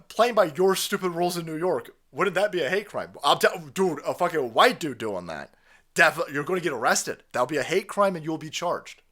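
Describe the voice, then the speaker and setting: A man ranting in profane political commentary over a clip, sarcastic and mocking, dropping to mutters and then bursting out loudly. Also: a little high. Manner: sarcastic, mocking, swings from mutters to loud outbursts. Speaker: commentary streamer.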